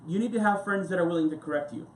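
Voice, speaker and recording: A male pastor speaking from the pulpit with a somewhat high voice. He preaches in a relaxed, wandering way, stopping for stories and side remarks. The sound is roomy and echoing, with a faint hum of ambience behind him. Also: rapid-fire. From United States. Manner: conversational, rambling preaching with anecdotes and asides. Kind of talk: sermon. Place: church sanctuary. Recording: echoey church room with faint ambience.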